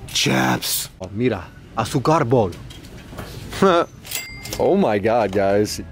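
A young man vlogging as he hunts for vintage clothes, joking around, reacting to finds with sudden excited exclamations. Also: mid-range voice, takes it slowly, creaky, a little hiss or hum. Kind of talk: casual running commentary while thrifting.

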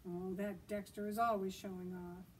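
A woman's voice: mid-range voice, flat delivery, normal speed, far from the mic, slight background noise, lightly acted. A woman voicing a sulky, dismissive zebra in a children's storytime reading, scornful. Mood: annoyed.

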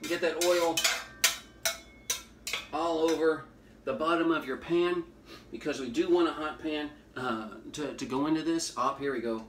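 A man's voice: on the high side, unhurried, long pauses, background noise. A man hosting a casual cooking demonstration in a kitchen, talking in a folksy, jokey way with hip slang. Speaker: horror movie host doing a cooking segment. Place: home kitchen at the stove. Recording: loud sizzling and frying in the background.

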